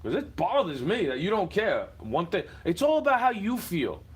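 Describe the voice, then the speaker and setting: A man ranting at the camera from his home, profane and confrontational, shouting at times. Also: high-pitched, wildly swooping pitch, moderate pace, a little hiss or hum. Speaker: livestreamer. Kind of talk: angry rant to camera. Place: indoors, home.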